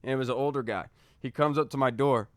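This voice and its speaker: A young man, a podcast co-host, telling a story in a casual, animated way and acting out the voices he quotes. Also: medium pitch, fast, no room sound.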